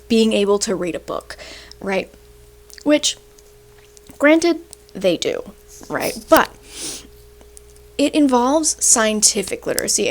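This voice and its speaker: A young adult woman, a university student, explaining grammar and statistics in a chatty way, often ending sentences with "right?" while she has the hiccups. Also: medium pitch. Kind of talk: casual explainer rant.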